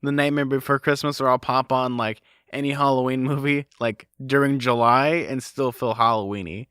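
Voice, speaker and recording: Brief: male podcast co-host, chatty, smooth, dry close sound. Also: mid-range voice, steady tone, moderate pace, a bit bright, dry recording. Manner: filler-heavy, chatty with lots of "like". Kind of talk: casual chat.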